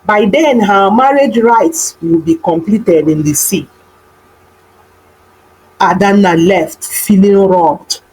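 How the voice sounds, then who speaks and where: A woman narrating an animated folktale in an expressive, dramatic way. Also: mid-range voice, takes it slowly, pauses often, breathy edge, poor audio. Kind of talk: storybook narration.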